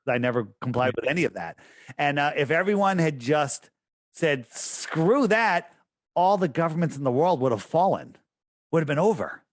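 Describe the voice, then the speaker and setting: A man's voice: fairly high pitch, expressive, fairly quick, no room sound. A man talking as a guest on a podcast, rambling and losing his train of thought, then pressing his points in an emphatic, preachy way. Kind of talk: casual interview talk.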